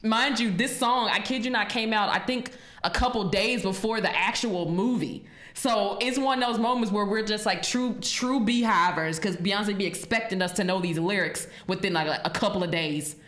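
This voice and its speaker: A woman hosting a podcast in casual chat, telling stories in an animated way and laughing often. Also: mid-range voice, normal speed, hardly any pauses, roomy sound. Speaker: podcast host.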